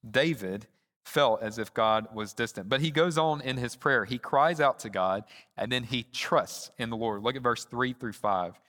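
A man preaching a sermon as pastor, earnest, slowing down to stress key phrases. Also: medium pitch, a bit bright. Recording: long reverb of a large hall.

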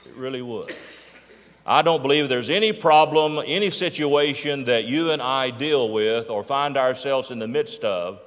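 Emphatic preacher in an echoing hall. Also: male voice, mid-range voice, a bit bright. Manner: emphatic, slows down to stress key words. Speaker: pastor. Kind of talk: sermon.

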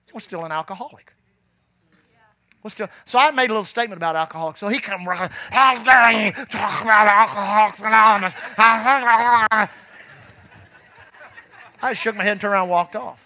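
Fervent high-pitched male preacher. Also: fairly quick, long pauses, dry recording. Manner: fervent, rising to shouts; drops low and quiet when telling his past. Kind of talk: sermon. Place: church.

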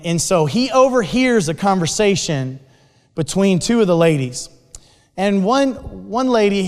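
A man telling a sermon story in an animated way, with frequent restarts. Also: a little high, clean tone. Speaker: speaker. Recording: long hall reverb.

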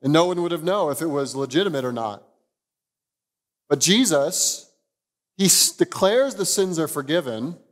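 A man, a pastor, giving an expository sermon, telling the story in an animated way and chuckling now and then. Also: on the high side, moderate pace, pauses often, long reverb tail.

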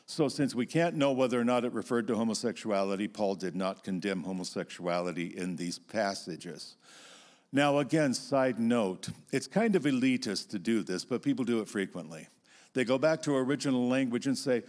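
A man giving a Bible teaching talk to a class, measured and emphatic, dropping his voice low on key points. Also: a little mellow.

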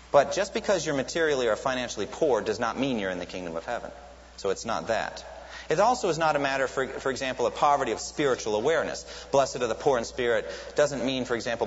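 A man preaching a sermon in an earnest teaching tone, lifting his voice sharply when he quotes a cry. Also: medium pitch. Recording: lo-fi recording with long hall reverb and faint hiss.

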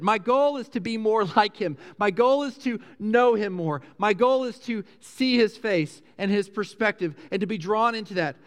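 A middle-aged man preaching a sermon as a pastor, conversational and animated, rising loud and high when excited. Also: moderate pace. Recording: preached in a church, long reverb.

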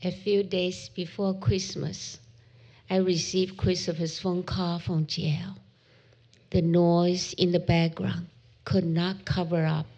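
A mother reading her testimony in a gentle, sorrowful storytelling voice. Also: fairly low pitch. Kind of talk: read testimony narration.

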